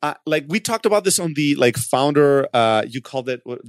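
A man co-hosting a podcast in casual talk, halting and restarting often, then getting animated when he retells a story. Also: a little high, no echo, studio quality. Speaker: podcast co-host. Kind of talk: casual conversation.

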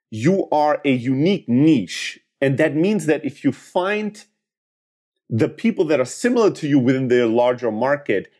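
A man's voice: medium pitch, darkish tone. A man explaining sales advice to startup founders in a podcast interview, talking in long, earnest, winding answers.

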